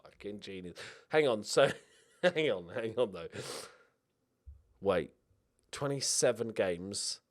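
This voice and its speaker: A young man giving excitable, jokey let's-play commentary with frequent swearing while talking to himself. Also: on the low side, slow pace, long pauses. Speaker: video game streamer.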